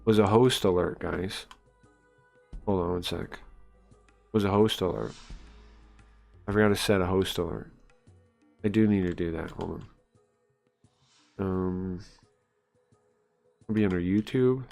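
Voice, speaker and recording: A man's voice: sits low, a little slow, vocal fry, long pauses, darkish tone, soft background music. A man casually reading a comic aloud on a live stream, explaining it in a rambling way with many fillers.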